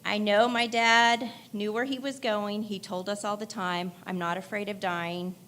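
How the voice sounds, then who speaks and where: A woman's voice: medium pitch, fairly even intonation, measured pace, fairly bright tone, slight background noise. A woman speaking in church at a memorial service, telling candid stories about her late father, laughing through tears and crying at times. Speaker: daughter giving a eulogy. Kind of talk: memorial eulogy.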